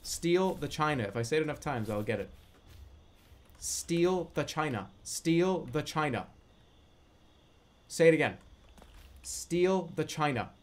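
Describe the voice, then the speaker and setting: A man streaming a video game, commenting live, often yelling, laughing and repeating phrases over and over. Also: on the high side, slow pace, long pauses. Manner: excitable, yelling and laughing a lot.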